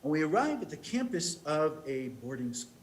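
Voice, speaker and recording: An American man from the United States telling a humorous story as a rabbi leading services, with quick restarts. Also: fairly high pitch, very animated, rough recording. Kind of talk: storytelling sermon.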